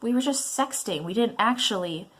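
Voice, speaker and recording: A woman's voice: fairly high pitch, expressive, moderate pace, a bit bright. A woman voicing a defiant, sarcastic teenage son in a browser game, exasperated with his parents.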